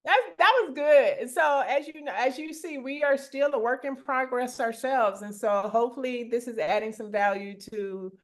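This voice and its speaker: A middle-aged woman co-hosting a motivational live chat, telling stories in a playful, animated way. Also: a little high, moderate pace, hardly any pauses. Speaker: co-host.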